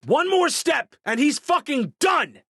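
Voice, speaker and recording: A narrator playing a furious, panicked man yells in a strained, high-pitched voice, all edge and threat. The shouting is dry and close to the mic. It is an audiobook character voice. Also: very animated, slow pace, dry recording, exaggerated voice. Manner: yelling.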